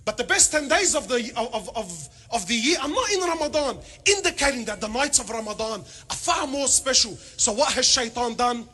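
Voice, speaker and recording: A man giving a humorous religious talk to an audience, animated and full of rhetorical questions, with Arabic phrases mixed in. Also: very high voice, moderate pace, hardly any pauses, husky. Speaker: panel speaker.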